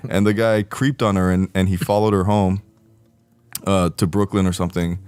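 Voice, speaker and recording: A man with a very low, deep voice, chatting loosely and telling a profane story full of restarts and fillers. He drops into quick impressions of the people he quotes. The sound is close and dry. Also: level tone, darkish tone, clean tone, no echo. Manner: rambling, with lots of fillers and restarts. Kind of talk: casual storytelling chat.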